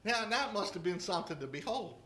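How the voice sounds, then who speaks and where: A preacher giving a sermon, retelling a scripture story with humor and lively storytelling. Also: mid-range voice, a little fast. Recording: roomy echo.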